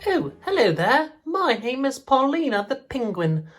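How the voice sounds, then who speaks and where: A man voicing a prim, polite female penguin puppet with a put-on British accent, in a high voice. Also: very animated, a little slow, fairly bright tone, faint music behind, heavily acted.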